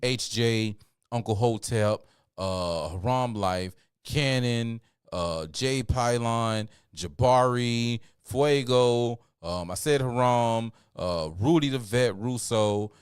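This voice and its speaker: A man hosting a livestream, sounding tired and talking casually, with many fillers and shout-outs. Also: medium pitch, takes it slowly, smooth, no echo, clean studio sound. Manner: preachy build-up then laid-back rambling. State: tired, yawning. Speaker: livestream host.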